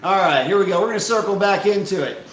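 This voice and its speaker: A man hosting a casual live stream, ranting in an animated, profane, exasperated way and reading out chat messages. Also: high voice, quick pace, reverberant, a little hiss or hum, low-quality recording.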